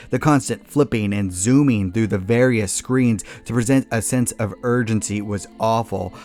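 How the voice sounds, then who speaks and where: A man's voice: medium pitch, a little mellow. A man giving a scripted comedic movie review, talking in a sarcastic and exasperated way as he tears into a film.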